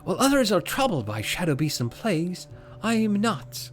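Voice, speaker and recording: A man's voice: high voice, very animated, a little fast, gravelly, a bit bright, soft background music, voice pushed up, exaggerated voice. A man voicing a friendly, burly male woodcutter in a game, in a hearty, jovial storybook manner with a wandering accent.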